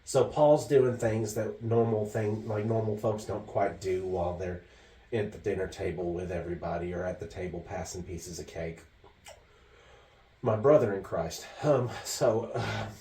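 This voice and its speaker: A man co-hosting a podcast, telling a story casually and animatedly. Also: lowish voice. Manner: animated, laughs through the story. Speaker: podcast co-host. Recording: roomy echo, mic far off.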